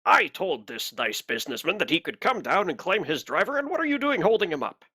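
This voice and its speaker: Casting: man doing a bullying, haughty official, bright and crisp, dry close sound. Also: high-pitched, very animated, fairly quick, no echo, pitched above the performer's own voice, heavily acted. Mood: imperious. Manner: barking, imperious. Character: impatient male arbitrator official, haughty and bullying.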